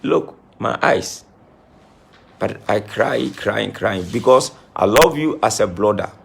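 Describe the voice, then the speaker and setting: A man's voice: on the low side, expressive, takes it slowly, gravelly, slight background noise. A man speaking as a spiritualist in an impassioned monologue to camera, emphatic and repetitive as he scolds. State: says he is crying. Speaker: self-styled spiritualist.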